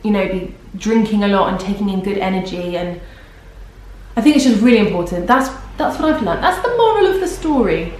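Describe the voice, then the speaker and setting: A woman's voice: medium pitch, animated, brisk, darkish tone, slight background noise. A young pregnant woman vlogging casually, rambling and self-deprecating, tired. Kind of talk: casual vlog chat. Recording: very echoey room.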